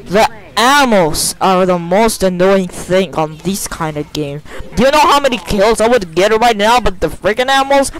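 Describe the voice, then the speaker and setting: High-pitched male gamer, cursing live commentary, frustrated with shouty outbursts. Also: animated, moderate pace, few pauses, rough recording. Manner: frustrated, swearing, bursts into shouts. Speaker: gaming video creator. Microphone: desk microphone.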